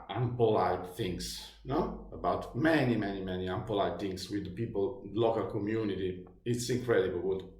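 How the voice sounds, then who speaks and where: Agitated Italian man in his 50s, roomy sound. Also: medium pitch. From Italy. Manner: agitated, halting, many restarts, rising to shouts. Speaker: vlogger. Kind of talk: personal complaint monologue. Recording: roomy echo.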